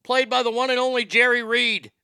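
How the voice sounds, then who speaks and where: A man hosting a show, ranting in a profane, comedic way and swinging from shouting to muttering. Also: extremely high pitch, flat delivery, fairly quick, gravelly, clear, resonant tone, no room sound, clean studio sound. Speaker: show host.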